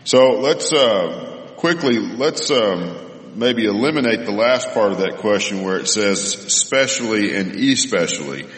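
A man teaching a Bible lesson and answering a question, thoughtful and explanatory, with many pauses and fillers. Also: on the low side, lively intonation, a bit bright. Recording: roomy hall with long reverb.

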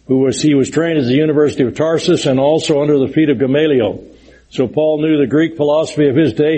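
Middle-aged man, preacher, Bible lesson; husky, mellow tone, earnest and emphatic. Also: a little high, low-quality recording. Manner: earnest, explanatory, emphatic with scripture quotes. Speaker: preacher teaching a Bible study. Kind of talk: sermon-style Bible lesson.

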